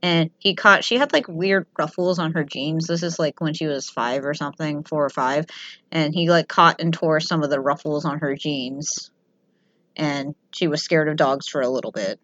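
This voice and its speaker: A young woman chats with friends in a slightly low voice, rambling through anecdotes and acting out the people in them. The recording is dry and a little muffled, with no room sound. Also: normal speed, a bit bright, no room sound. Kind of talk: casual chat.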